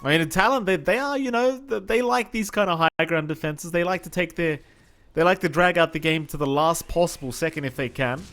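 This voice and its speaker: A man casting a pro video game match, calling fights excitedly and teasing his co-caster. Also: on the high side, fairly quick. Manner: excitable calls, teasing banter. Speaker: esports caster. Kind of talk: esports commentary.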